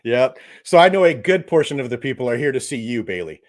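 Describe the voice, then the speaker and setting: Loud guy hosting a stream, jokey, voice all over the place. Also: medium pitch, big pitch swings, quick pace. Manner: loud, joking, laughs often. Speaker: livestream host. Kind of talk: casual live stream chat.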